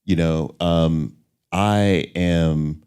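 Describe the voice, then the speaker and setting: A middle-aged man talking candidly as an interview guest, an animated storyteller. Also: low-pitched, drawn-out words, clear, resonant tone. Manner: animated storyteller, acts out voices in anecdotes.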